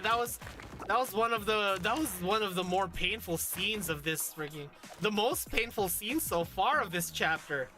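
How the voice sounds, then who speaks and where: A woman's voice: medium pitch, expressive, normal speed, over music. A woman streaming a story game, talking casually and emotionally, exclaiming and rambling with many fillers.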